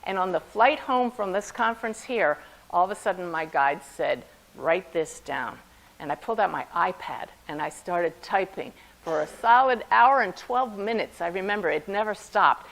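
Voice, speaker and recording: Gravelly-voiced woman giving a talk. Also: mid-range voice, expressive, moderate pace, fairly bright tone, low-quality recording. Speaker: spiritual medium giving a talk. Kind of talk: talk to an audience.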